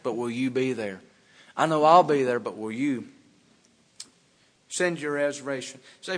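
A man pastor preaching a sermon in a church, fervent, swinging between hushed passages and loud emphatic ones. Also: mid-range voice, measured pace, long pauses, in a large hall. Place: church sanctuary.

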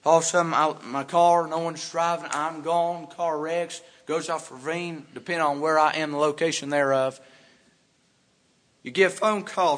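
A man pastor preaching a sermon in a church, fervent, swinging between hushed passages and loud emphatic ones. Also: fairly high pitch, steady tone, normal speed, in a large hall. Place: church sanctuary.

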